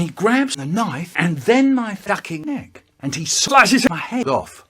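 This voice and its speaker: A man spinning a surreal, nonsensical comic tale, slipping from deadpan into sudden outbursts. His slightly higher voice jumps around a lot as he tells it. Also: unhurried, few pauses. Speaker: comedic storyteller. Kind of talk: absurd comic monologue.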